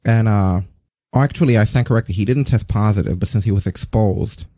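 A man hosting a casual wrestling news chat, sarcastic and animated, swearing as he rants. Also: lowish voice, fairly quick, no echo, studio quality. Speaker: podcast host.

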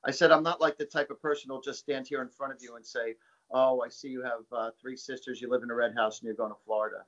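A man's voice: medium pitch, steady tone, quick pace, fairly bright tone, lo-fi sound. A man, a psychic guest, telling stories casually in an interview, rambling with many fillers and repeated words.

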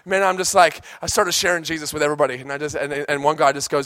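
Male pastor from the US, high bright voice, fiery sermon delivery, dry close sound. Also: level tone, quick pace, hardly any pauses, no room sound. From United States. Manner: impassioned, swings from shouting to hushed storytelling.

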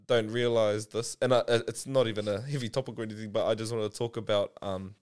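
A man with a New Zealand accent, co-hosting an easygoing chat and quick to laugh. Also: on the low side, fairly even intonation, darkish tone, clear, resonant tone. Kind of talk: casual chat.

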